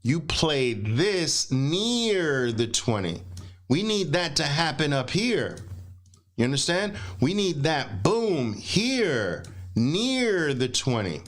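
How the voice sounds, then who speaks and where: A middle-aged man running a live trading seminar, emphatic and teasing, with punchy exclamations. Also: fairly high pitch. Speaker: trading instructor.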